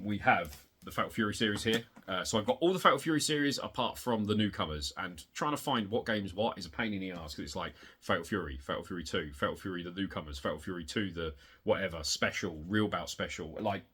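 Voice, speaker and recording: Guy rambling about his retro games, swears a lot, low voice but sharp, sweaty and worked up. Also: husky. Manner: excitable, swearing, rants with big pitch jumps. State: hot and sweaty. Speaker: retro game collector vlogger. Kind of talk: casual rambling show-and-tell.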